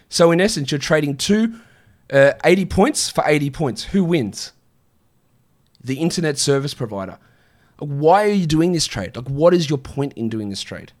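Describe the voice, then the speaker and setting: A man hosting a casual live-stream show, answering viewer questions in a chatty, offhand way. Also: mid-range voice. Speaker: fantasy basketball show host.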